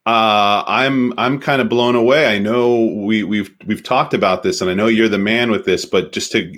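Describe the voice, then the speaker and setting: A man with a deep voice, a guest in a casual online interview, relaxed and friendly, a bit hesitant. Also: moderate pace.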